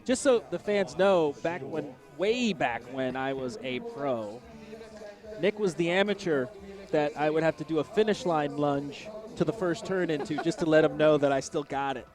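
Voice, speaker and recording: A man's voice: a little high, normal speed. A man commentating live racing and chatting with riders in a small booth, upbeat and joking. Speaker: race commentator and pit interviewer. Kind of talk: live sports commentary and interviews. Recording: loud music behind the voice.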